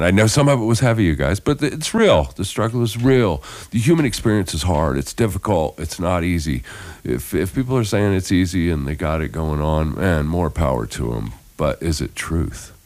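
A man with an extremely deep, rumbling voice hosts a casual morning radio chat. His delivery swings widely in pitch, bouncing and animated. He is chatty, laughs easily and scatters fillers as he goes. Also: a little fast. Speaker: radio show host. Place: radio studio.

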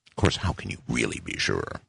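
A male radio host from Nevada taking calls, musing wryly and dropping quick interjections. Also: very deep voice, sing-song, gravelly, bright, forceful tone, slightly rough. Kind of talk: call-in radio talk.

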